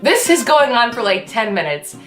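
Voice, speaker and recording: A woman hosting her vlog, telling a story in a casual, animated and profane way. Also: a little high, normal speed. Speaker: host. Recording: echoey room with faint guitar music.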